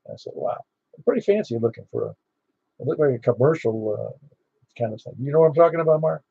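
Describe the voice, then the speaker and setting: A man with a gravelly, husky voice leads a ham radio net in a relaxed, meandering way. His voice comes through as dull, dry, lo-fi radio audio. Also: medium pitch, fast talker, no echo. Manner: easygoing, rambling, with fillers. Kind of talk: casual radio chat. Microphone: radio transceiver mic.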